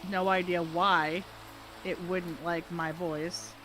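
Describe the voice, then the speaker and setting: A woman's voice: lowish voice, little pitch movement, slow, bright, forceful tone, faint music behind, poor audio. A woman streamer chatting casually while gaming, telling rambling stories full of restarts.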